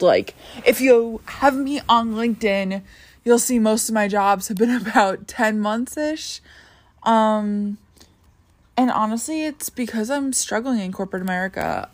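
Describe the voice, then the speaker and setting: A young woman in her twenties talking casually about her life as a podcast host, tired and yawning, rambling with many fillers and restarts. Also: mid-range voice. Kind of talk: casual personal vlog talk.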